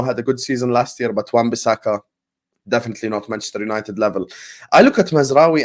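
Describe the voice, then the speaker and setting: A man hosting a football transfer talk show, chatty and energetic, repeating his points. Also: mid-range voice. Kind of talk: casual football talk stream.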